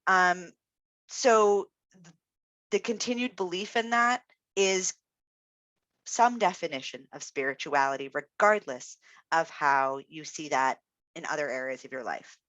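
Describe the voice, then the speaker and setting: A woman's voice: low voice, a little slow, long pauses, fairly bright tone, dry recording. A woman speech-language pathologist giving an encouraging, reflective webinar talk, with frequent fillers. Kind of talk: webinar presentation.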